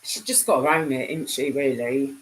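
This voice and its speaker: A woman's voice: a bass voice, normal speed, a little hiss or hum, poor audio. A middle-aged woman chatting casually with viewers on a live stream, rambling and trailing off mid-sentence. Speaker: livestream host.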